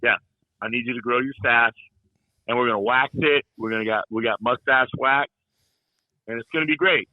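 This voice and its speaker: A man's voice: medium pitch, moderate pace, long pauses, no echo, phone-quality sound. A middle-aged man telling stories in a rambling, folksy way, full of "you know" and playful ribbing. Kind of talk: casual storytelling chat.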